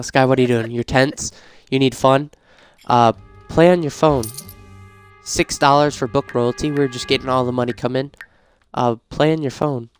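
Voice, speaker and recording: A man playing a life-sim game, reading prompts aloud and reacting in casual let's-play commentary, getting frantic and shouty when things go wrong. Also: medium pitch, clean tone. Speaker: gaming YouTuber.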